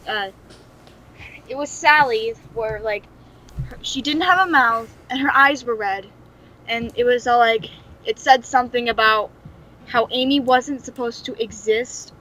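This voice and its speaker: Bright high-pitched woman rambling. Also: a little hiss or hum, low-quality recording. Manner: giggly, puts on silly voices, rambling. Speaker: co-host. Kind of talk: casual chat.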